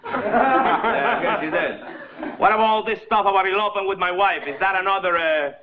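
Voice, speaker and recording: A man's voice: sits high, normal speed, close to an everyday voice. Guy playing a hotheaded jealous husband, blustery, dull old tv sound w/ crowd laughing. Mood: scheming. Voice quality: blustery, hot-tempered. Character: hot-tempered jealous husband, man. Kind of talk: sitcom acting.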